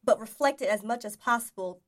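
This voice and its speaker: A woman co-hosting a casual faith talk show, explaining ideas in a relaxed way with soft chuckles. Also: a little high, brisk. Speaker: podcast co-host.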